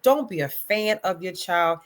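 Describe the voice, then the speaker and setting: A middle-aged woman, a parent of athletes, answering interview questions in an animated way and acting out quoted voices. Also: fairly low pitch, measured pace.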